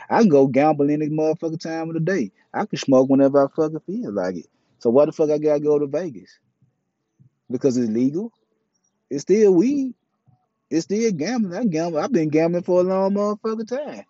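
A man holds forth in a blunt, profane, preachy monologue. His voice is dark and mellow. The dry, dull recording sounds lo-fi. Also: medium pitch, no room sound. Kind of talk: casual monologue, opinionated.

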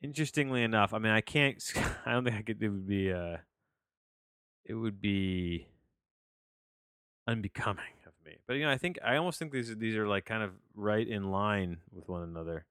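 Low-voiced man in casual podcast chat. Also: moderate pace, fairly bright tone, clear, resonant tone, dry recording, clean studio sound. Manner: loose, full of restarts and self-corrections; frank, offhand swearing. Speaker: podcast host reviewing movies.

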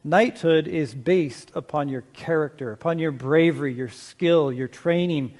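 A middle-aged man preaching a sermon as pastor, speaking in a measured, conversational way, slowing down to stress key points and asking the congregation questions. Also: on the high side, a little mellow.

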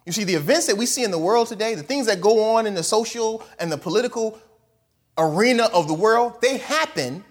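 Preaching with animation, a man whose voice sits high and moves fairly quickly reads passages of scripture aloud. He's a pastor who performs the quotes in character voices and keeps his language loose and colloquial.

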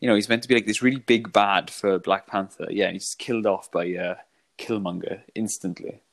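A man co-hosting a podcast, chatting casually about films and tossing in quick impressions of lines. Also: fairly low pitch, steady tone, vocal fry. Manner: quick, chatty, mimics film lines in asides. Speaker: podcast co-host. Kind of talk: casual film chat.

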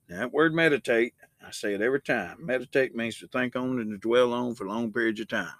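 A man's voice: mid-range voice, brisk, vocal fry, few pauses, a bit bright, no echo, clean studio sound. A man hosting a Christian podcast, talking in a loose, rambling way and reading scripture aloud with rising emphasis. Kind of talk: casual spoken sermon.

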